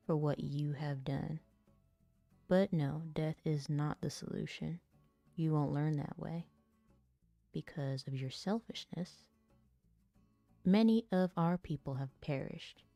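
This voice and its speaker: A woman voicing a stern, tough leader, pushing her delivery deeper and graver for a voice acting demo read-through. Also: steady tone, a little slow, gravelly, long pauses, warm tone, dry recording, faint music behind.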